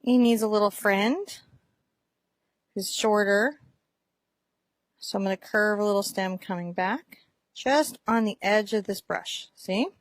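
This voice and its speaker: A woman teaching a painting lesson step by step, gentle and encouraging as she talks through each brushstroke while she paints. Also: medium pitch, measured pace, long pauses, dry recording. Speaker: art teacher.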